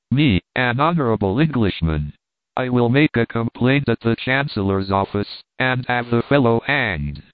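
A man's voice: medium pitch, no room sound, natural voice. A man voicing an indignant, haughty English reporter, heard over a tinny, dry, phone-like recording. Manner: haughty, blustering.

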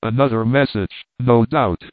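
A man reading the lines of an eager male army captain in an animated way, with a tinny, phone-like sound. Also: mid-range voice, a little slow, dry recording, lightly acted.

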